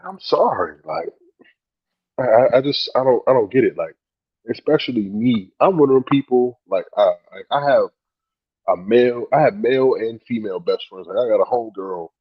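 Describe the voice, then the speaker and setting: Casual podcast co-host, male, husky, talks in swinging storyteller bursts, slightly muffled audio. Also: mid-range voice, normal speed. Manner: animated storytelling, acting out quoted friends; swears freely, many "like" fillers.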